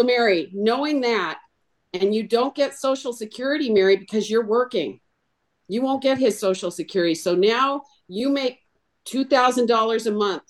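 Animated woman teaching sales technique. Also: fairly high pitch. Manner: animated, acts out clients' lines in a role-play. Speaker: insurance sales trainer. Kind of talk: instructional chat on a podcast.

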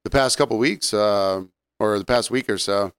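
A man co-hosting a podcast in laid-back casual chat, who laughs often and now and then clears his throat. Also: fairly low pitch, moderate pace, fairly bright tone, dry recording, clean studio sound. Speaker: podcast co-host.

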